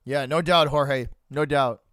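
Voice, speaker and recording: A man's voice: medium pitch, fairly even intonation, a little slow, fairly bright tone, no echo. A man with a Boston accent giving live hockey play-by-play as a fan streamer, talking to his chat and rooting for his team. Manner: chatty, rooting for Boston, talks to chat viewers.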